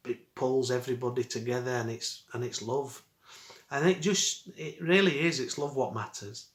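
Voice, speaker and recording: A man's voice: mid-range voice, pushed and bright. A middle-aged man telling a rambling, chuckling story in dialect for his vlog. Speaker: vlogger. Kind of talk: casual storytelling. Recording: roomy echo.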